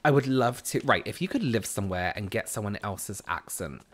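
Man, game streamer, from the UK, casual chat, very lively pitch, answers viewers. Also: brisk. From United Kingdom. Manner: chatty, answers viewer comments while playing.

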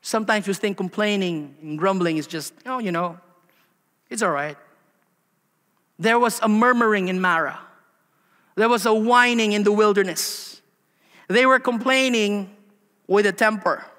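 High-voiced animated preaching pastor. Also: male voice, moderate pace. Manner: animated preaching with rhetorical questions and quoted voices. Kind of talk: sermon. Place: church sanctuary. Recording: long hall reverb.

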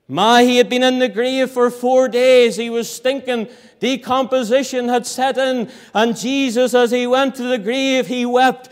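A man preaching a sermon in a church hall, impassioned, swinging from loud cries to hushed low lines. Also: smooth. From Northern Ireland.

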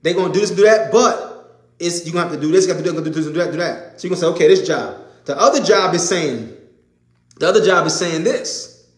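A man's voice: fairly high pitch, quick pace, roomy sound. A man preaching an informal sermon, emphatic and conversational, repeating his points. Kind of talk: informal sermon to a live audience.

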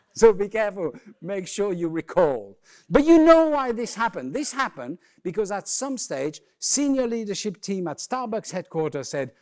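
Animated keynote speaker, slightly high voice. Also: male voice, moderate pace. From lives in London. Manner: lively storyteller, acts out quoted voices. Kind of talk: humorous keynote talk. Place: conference stage before a live audience.

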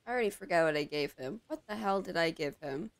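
A woman's voice: on the low side, expressive, quick pace. A woman streamer in a casual gaming stream, groggy and out of it, sarcastically cursing at game characters.

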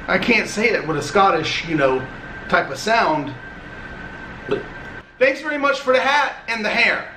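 A man's voice: high-pitched, very animated, unhurried, pauses often, background noise. A man opening fan mail on a casual vlog, chatty and rambling, swearing now and then. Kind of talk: casual chat. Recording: echoey room.

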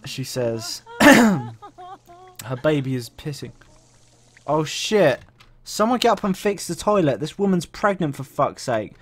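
Lively sweary young man gaming. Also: on the high side, a little slow. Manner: sweary, excitable, reads game options aloud. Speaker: let's play host. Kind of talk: casual gameplay commentary.

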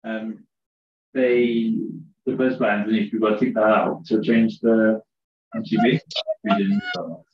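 A man's voice: on the low side, huge pitch swings, a little slow. A man talking on a video call, mumbling and rambling. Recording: roomy, muffled call audio.

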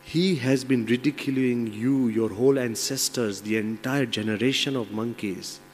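A man's voice: medium pitch, normal speed, slight background noise, natural voice. Brief: a sly fable lion, murmuring temptations, as a male storyteller puts him on, hall reverb behind. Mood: coaxing. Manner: coaxing, persuasive. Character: tempting lion, king of the jungle.

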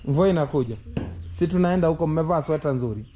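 A man chats to his viewers in broken, halting English and coaxes his little ones to speak and sing. His voice sits a little high for a man. Faint noise hums behind him. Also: mellow. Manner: switches between broken English and coaxing talk with children. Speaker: vlogger. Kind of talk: casual family vlog talk.

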